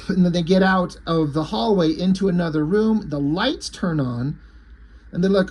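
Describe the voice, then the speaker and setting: A man's voice: high voice, animated, a little slow, a little mellow, breathy edge. A man casually and enthusiastically recapping a comic story, swearing freely and reading out the characters' lines. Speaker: comic book reviewer.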